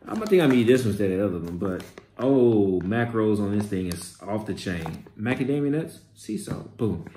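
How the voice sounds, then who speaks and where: Excitable man, lively swooping pitch, reading labels aloud, echoey room, faint hiss. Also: a little fast. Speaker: vlogger. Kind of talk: casual product haul review.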